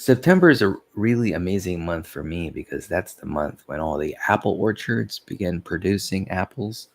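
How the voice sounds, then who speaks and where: A vlogger whose voice sits low talks at a moderate pace with animation, though he sounds tired and sleepy. His casual ramble wanders, broken by yawns and quiet chuckles at himself when he loses his thread.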